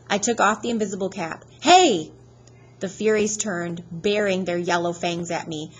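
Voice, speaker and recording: A woman narrating an audiobook in a lively, expressive reading style. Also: medium pitch, a little hiss or hum, poor audio. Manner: lively expressive reading, voicing characters' shouts.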